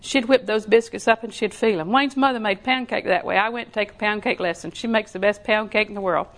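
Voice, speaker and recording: A woman's voice: medium pitch, fairly quick. A woman preacher giving a conversational sermon, telling homespun stories with laughing asides, acting out other people's voices and dropping into whispers for emphasis. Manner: animated storyteller who acts out voices and drops to whispers.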